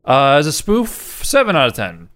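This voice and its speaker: A man with a smooth, clear voice chats casually on a podcast, rambling through his opinions. He leans on fillers and lets sentences drift off quietly. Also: a little high, wildly swooping pitch, moderate pace. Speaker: podcast co-host. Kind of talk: casual movie review chat.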